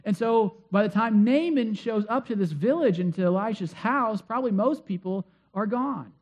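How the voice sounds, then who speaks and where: A man's voice: high voice, expressive, normal speed, a little mellow, dull audio. A male pastor preaching a sermon in a conversational, storytelling way with frequent fillers.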